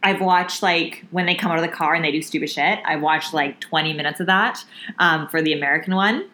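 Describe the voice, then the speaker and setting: A woman's voice: low voice, fairly quick, bright, forceful tone. A woman hosting a podcast in casual, playful chat, laughing often and speaking bluntly. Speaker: podcast host.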